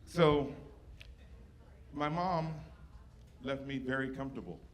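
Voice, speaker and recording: A man's voice: medium pitch, slow. A man doing a stand-up set in a comedy club, swearing freely and fighting back tears as he talks about his mother. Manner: profane, emotional, close to tears. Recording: live club with audience noise.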